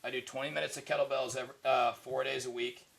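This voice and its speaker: A man's voice: mid-range voice, flat delivery, fast, gravelly, a bit bright. A man co-hosting a podcast in casual chat, rambling with lots of "you know, right?" fillers. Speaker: podcast co-host.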